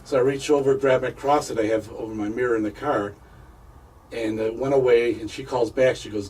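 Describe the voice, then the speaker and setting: A man, a paranormal investigator, telling a personal story as a radio interview guest, halting and repeating words as he goes. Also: mid-range voice, steady tone, darkish tone, slightly rough, distant mic, rough recording.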